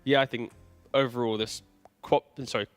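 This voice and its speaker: A man breaking down a match as an esports desk analyst, talking fast and joking with his co-hosts. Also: mid-range voice, clean tone. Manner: fast, animated, banter-prone. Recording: faint music behind.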